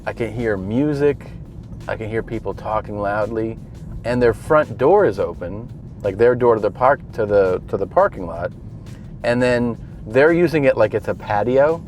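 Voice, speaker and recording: A man's voice: lowish voice, animated, moderate pace, a little mellow, faint music behind. A man, a touring comedian, casually telling profane, rambling stories from inside a car. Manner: laid-back, profane, rambling storyteller. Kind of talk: casual storytelling vlog.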